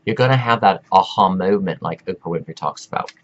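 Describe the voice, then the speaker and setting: A man with a lowish voice delivers a rambling spiritual pep talk straight to his viewers. He drags out key phrases for weight and wanders off on tangents. The sound is dull and lo-fi. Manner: meandering and preachy, drawn-out emphatic phrases. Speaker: self-help speaker.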